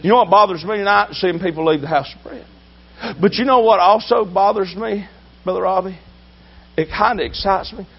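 A man preaching a sermon with emphasis, swinging between loud drawn-out shouts and low asides. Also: husky, highs cut off.

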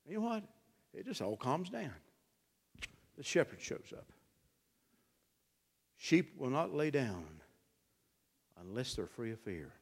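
A middle-aged man preaching a sermon, dropping to a hush and climbing to shouts in a folksy drawl. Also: a little high, in a large hall. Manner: swings from hushed to shouting, drawling folksy delivery. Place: church.

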